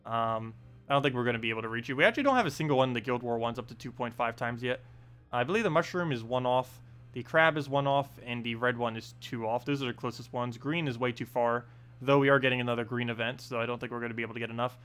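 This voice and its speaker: A man's voice: medium pitch, quick pace, clean tone. Easygoing male game streamer thinking aloud. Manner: relaxed thinking aloud with filler words. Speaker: gaming live streamer. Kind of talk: casual gameplay commentary. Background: faint game music.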